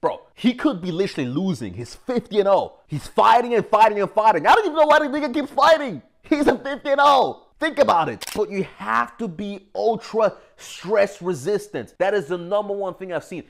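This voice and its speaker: A man's voice: sits high, expressive, a little fast, gravelly, few pauses. A man giving a brash, profane motivational rant who keeps slipping into mocking voices. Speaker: motivational speaker.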